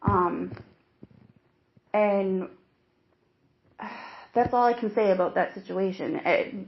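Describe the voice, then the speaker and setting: A woman's voice: medium pitch, slight background noise. Young woman recounting an ordeal, roomy lo-fi. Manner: halting, earnest, many restarts. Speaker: interviewee, new mother. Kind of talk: emotional personal account. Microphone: hidden recorder. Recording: roomy, dull lo-fi secret recording.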